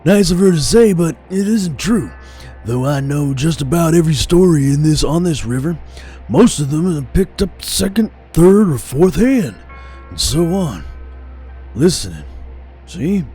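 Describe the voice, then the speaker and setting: Guy reading out an old river storyteller, musing along, warm voice that rises and falls a lot. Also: fairly high pitch, expressive, unhurried, breathy edge, soft background music, voice pushed up. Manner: reflective storytelling, reading aloud. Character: male riverboat worker telling old river stories. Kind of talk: reading game narration aloud.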